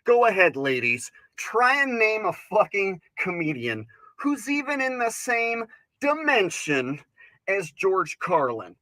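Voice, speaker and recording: A man performing as a crude male stand-up comic in a recorded bit, swearing, mocking and building up to shouts. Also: high-pitched, big pitch swings, takes it slowly, dry recording, pitched above the performer's own voice, full character voice, poor audio. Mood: ranting. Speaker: stand-up comedian.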